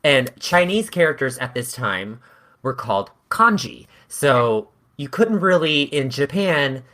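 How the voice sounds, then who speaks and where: A woman hosting a casual history podcast, walking through the story at length in a playful, laughing manner. Her voice is bright and crisp-edged. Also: very deep voice, big pitch swings, unhurried. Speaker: podcast host.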